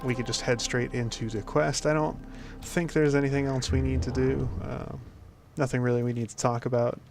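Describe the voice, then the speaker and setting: A man's voice: mid-range voice, level tone, moderate pace, vocal fry, noisy background. A man hosting a casual gameplay commentary, rambling with lots of fillers. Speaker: gaming video host.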